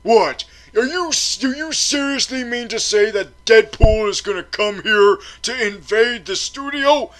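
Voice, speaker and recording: A man's voice: high-pitched, unhurried, hardly any pauses, fairly bright tone. A man voicing a skeptical male sidekick who needles with pointed questions. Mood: needling.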